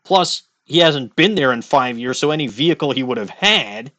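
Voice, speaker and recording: A man's voice: mid-range voice, expressive, normal speed, fairly bright tone, dry recording. A man with a Midwestern accent giving joking, rambling commentary over a courtroom game. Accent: Midwestern American. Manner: rambling, joking, self-interrupting. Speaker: let's play host. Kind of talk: casual gameplay commentary.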